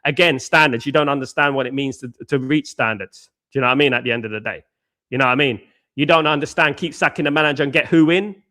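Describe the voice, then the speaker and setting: A man's voice: mid-range voice, fast, pushed and bright. A man hosting a live fan show, answering chat in casual slangy banter and firing off combative rhetorical questions. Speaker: host.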